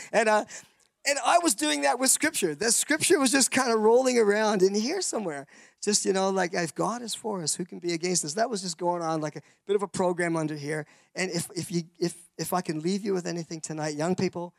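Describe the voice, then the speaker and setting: A man telling his life story as a sermon, his voice high and gravelly. He rambles with many restarts and slips into voices for the people he quotes. The sound is close and dry. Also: no echo. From Canada. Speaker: speaker giving a testimony.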